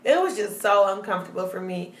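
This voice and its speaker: A woman's voice: mid-range voice, expressive, fast, slight background noise. Blunt, laughing young woman in a roomy space. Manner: blunt, profane storytelling, frequent laughter. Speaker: podcast co-host. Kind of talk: casual chat. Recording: roomy echo.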